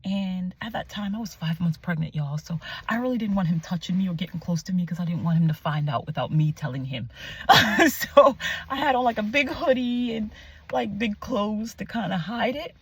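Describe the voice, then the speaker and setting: A young woman with a mid-range, slightly rough voice talks at normal speed, telling her faith testimony in a casual vlog. She's animated and chatty, often dropping to a near-whisper and searching aloud for words.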